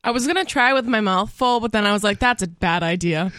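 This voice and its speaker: A woman's voice: medium pitch, fast, a bit bright, dry recording, studio quality. A woman co-hosting a casual talk radio show, giving blunt, short replies. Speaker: radio co-host. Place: radio studio.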